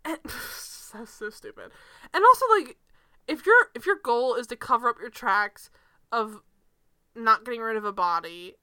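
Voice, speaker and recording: A woman co-hosting a casual show recap, animated and sarcastic, swearing and laughing often. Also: a little high, moderate pace, clean tone. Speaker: podcast co-host.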